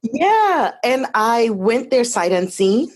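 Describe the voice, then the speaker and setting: A woman in her fifties from Detroit, a guest telling her life story in a lively, chatty way with many asides. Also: fairly high pitch, slow pace. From Detroit, USA. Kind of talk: casual storytelling conversation.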